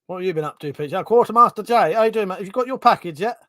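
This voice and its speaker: A British man hosting a relaxed live stream, chatting with a sarcastic edge and swearing freely. His voice sits a bit high for a man, and the sound is close and dry. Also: racing, dry recording. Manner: reads out viewer comments. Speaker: livestream host. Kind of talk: casual live-stream chat.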